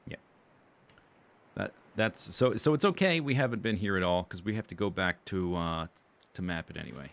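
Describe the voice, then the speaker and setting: A man's voice: deep voice, expressive, normal speed, vocal fry, a bit bright. A man streaming a survival game, chatting casually and rambling as he goes through his gear and plans. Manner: chatty, rambling, self-correcting. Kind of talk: casual gameplay commentary.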